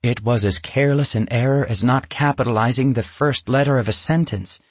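Husky-voiced man narrating a storybook. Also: mid-range voice, brisk, no room sound. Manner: expressive, lively storytelling. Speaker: audiobook narrator.

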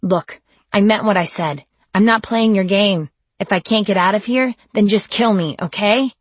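Woman narrator as a sharp, defiant teen heroine, low husky voice, dry recording. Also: little pitch movement, brisk, no echo. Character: defiant teenage girl vampire hunter. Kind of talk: audiobook dialogue.

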